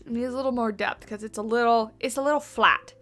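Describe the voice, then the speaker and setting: A woman's voice: on the high side, steady tone, quick pace, fairly bright tone. A woman livestreaming a game build at home, chatting loosely with her viewers and rambling as she works. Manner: chatty, rambling, talks to chat readers. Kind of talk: casual chat while building in a game. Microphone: USB desktop mic on boom arm.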